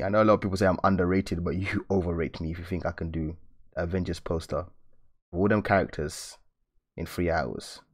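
Young man, very low voice, slangy casual live-stream chatter, talks to viewers. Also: fairly even intonation, fairly quick. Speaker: art channel host. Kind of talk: casual live-stream chat while drawing.

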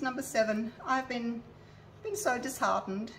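A woman's voice: mid-range voice, measured pace, fairly bright tone, distant mic, rough recording. A woman chats her way through a hands-on craft demo, talking straight to her viewers as she works. She sits a little back from the mic, and a faint hiss runs underneath. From Australia. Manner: chatty, narrates each step aloud as she works, talks to viewers directly. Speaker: resin artist showing her craft. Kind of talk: casual hands-on craft tutorial. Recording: mic a little away, faint background noise.

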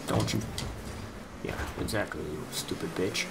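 A man's voice: lowish voice, normal speed, gravelly, a little hiss or hum, rough recording. A young man commenting on his own gameplay, frustrated, muttering and swearing at his opponents. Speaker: gaming youtuber.

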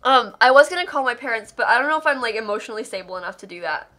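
A young woman on a live charity stream reads out donations and pours out heartfelt thanks. Her voice sits a little high and sounds crisp and bright. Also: lively intonation, very fast. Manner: effusive, emotional thanks.

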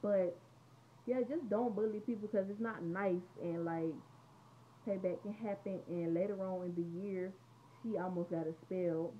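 A woman's voice: mid-range voice, normal speed, slight background noise. A teenage girl rambling through a casual storytime vlog at home, chatty and conversational. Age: teens. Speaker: vlogger. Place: room at home. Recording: dull lo-fi home recording.

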